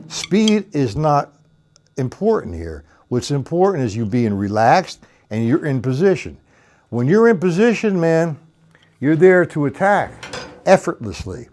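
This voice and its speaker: With music in the background, a middle-aged drum teacher leads a live-streamed lesson, counting beats and bluntly rambling through technique while playing drums between talk. His fairly high voice is very animated but a little slow.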